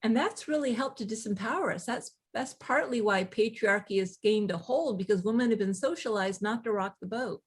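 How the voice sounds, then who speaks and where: A woman guest author telling stories in casual conversation, animated, with quick asides and laughter. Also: a little high, breathy edge.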